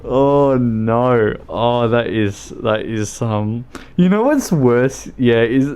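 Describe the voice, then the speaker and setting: A man's voice: medium pitch, lively intonation, slow, darkish tone, slight background noise. A tipsy man with an Australian accent chatting and giggling with viewers on a gaming livestream. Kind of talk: casual gaming livestream chat.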